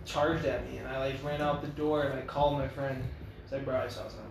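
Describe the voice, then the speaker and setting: A man's voice: mid-range voice, flat delivery, brisk, vocal fry, far from the mic, background noise. A young man chatting casually, slangy and hesitant with lots of fillers. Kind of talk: casual chat. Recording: echoey room from off-mic.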